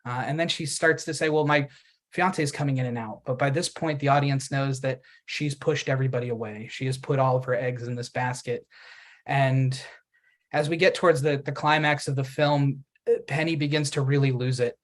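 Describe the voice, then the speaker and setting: Man, screenplay pitch, vivid storytelling, acts out quoted lines, mid pitch. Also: steady tone, normal speed. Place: festival event room.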